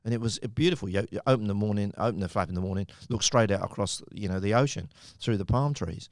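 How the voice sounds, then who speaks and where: A British man in his sixties, a company founder appearing as a podcast guest, tells long, rambling anecdotes in casual storytelling style with frequent chuckles. His voice is on the low side and fast, captured in a dry, clean studio recording.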